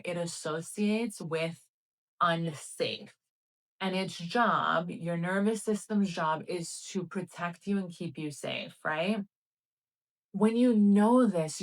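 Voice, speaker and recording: A woman in her thirties telling a personal story to camera, chatty and animated, saying "like" and "right?" often. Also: on the low side, poor audio. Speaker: vlogger.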